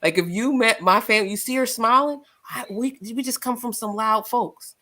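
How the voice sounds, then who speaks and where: A woman co-hosting a live discussion show, loud and passionate, telling stories with acted-out quotes. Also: a little high, moderate pace. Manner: animated, storytelling with acted quotes. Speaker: podcast co-host.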